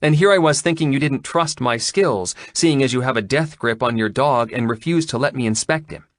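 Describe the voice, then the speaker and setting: A man voicing a prim, exasperated young woman doctor in an audiobook, with a crisp, scolding manner. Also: medium pitch, moderate pace, dry recording, pitched above the performer's own voice, natural voice. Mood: primly teasing. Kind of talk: audiobook character reading.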